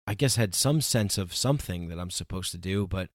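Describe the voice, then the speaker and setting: A man's voice: deep voice, lively intonation, brisk, no room sound, clean studio sound. A young man hosting a solo podcast, talking in a raw, rambling way with frequent restarts and swearing. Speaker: podcast host.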